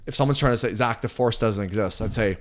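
Earnest low-voiced podcast host. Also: male voice, fast talker, a little hiss or hum. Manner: earnest, reflective, rambling with fillers. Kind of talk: casual conversation.

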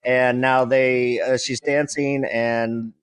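A man's voice: mid-range voice, little pitch movement, clear, resonant tone. Brief: male comedy regular, frantic play-by-play, stammering, exasperated. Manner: rushed, stammering, exasperated, swears and laughs. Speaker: show regular. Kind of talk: frantic live description of a music video.

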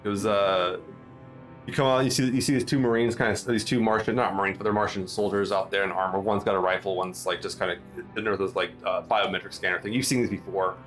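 A man's voice: on the low side, steady tone, fast talker, fairly bright tone, soft background music. A man running a tabletop game as game master, talking loosely with many fillers and restarts. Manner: rambling, full of fillers and restarts.

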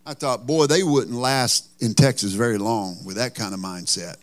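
A man's voice: medium pitch, normal speed. A man preaching a sermon as pastor, telling a folksy, joking story.

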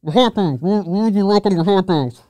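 A man's voice: high voice, fairly quick, dark tone, no echo, pitched above the performer's own voice, lightly acted, low-quality recording. A man voicing a harried male drive-thru worker who stammers and keeps apologizing. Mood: flustered.

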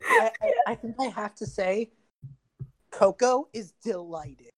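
A woman's voice: medium pitch, expressive, a little slow. Chatty woman tabletop game player.

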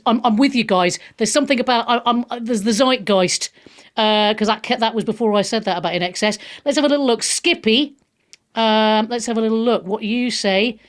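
A woman hosting a live radio talk show, chatting frankly with callers and reading the chat, with frequent restarts and blunt language. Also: mid-range voice.

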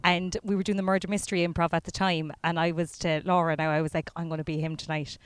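An Irish woman comedian in casual podcast chat, self-deprecating and quick to laugh. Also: lowish voice, fairly even intonation, clean tone. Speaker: comedian and guest.

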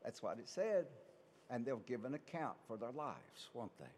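Priest preaching with lively pitch. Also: male voice, normal speed, big-room sound, slight background noise. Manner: conversational preaching with rhetorical questions. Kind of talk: sermon.

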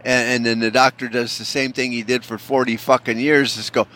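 A man from the United States rants casually in a rambling, sarcastic way. He swears often and restarts his sentences, and his voice sits in a mid-range pitch. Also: brisk, few pauses, bright, forceful tone, slight background noise. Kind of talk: casual profane rant.

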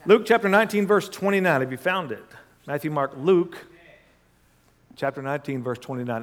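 Fervent preacher in a reverberant church. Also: male voice, on the high side, expressive, normal speed, long pauses. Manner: conversational, warm asides to the congregation, rising to loud fervent prayer. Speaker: pastor. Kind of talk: sermon with scripture reading and prayer. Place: church sanctuary. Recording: long hall reverb.

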